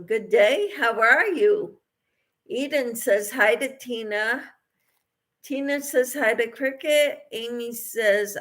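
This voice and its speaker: A woman's voice: a little high, a bit bright. A woman hosting a casual crochet livestream, reading viewer comments aloud and answering them, tired late at night.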